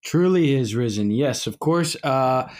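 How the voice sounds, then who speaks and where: The voice of this middle-aged man is mid-range, expressive, a little slow and slightly mellow. An Orthodox priest and podcast co-host, he chats in a casual, rambling way full of fillers and restarts.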